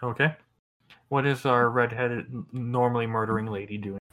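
A man's voice: mid-range voice, steady tone, normal speed, a bit bright. Rambling male game master. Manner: loose, rambling narration with many fillers. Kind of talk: narrating a tabletop game.

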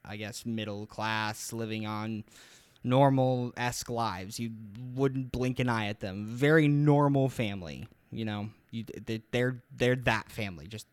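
A man's voice: mid-range voice, measured pace, clean tone, no room sound. A young adult man co-hosting a podcast, telling a mystery story in casual, rambling, upbeat chat.

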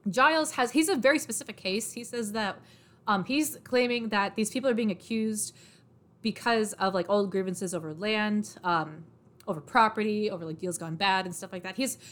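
A woman's voice: mid-range voice, moderate pace. A woman casually recapping a story in a chatty way, full of fillers like "like" and "um" and frequent laughs. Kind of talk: casual plot summary.

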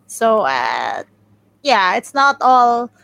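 A woman guesting on a podcast, chatting casually in a slow, thoughtful and playful way. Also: on the high side, big pitch swings, gravelly, fairly bright tone, no room sound. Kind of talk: casual chat.

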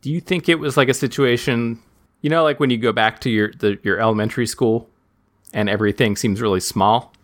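Man podcast co-host, mid pitch, dry teasing humor. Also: steady tone, brisk. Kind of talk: casual chat.

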